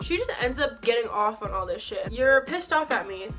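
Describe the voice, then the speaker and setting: Young woman vlogger, fairly high voice, indignant storytime full of curses and "like", soft music underneath. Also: lively intonation, moderate pace, few pauses. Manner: heavy swearing, frequent "like" fillers; heated, indignant retelling. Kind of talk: storytime monologue. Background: faint background music.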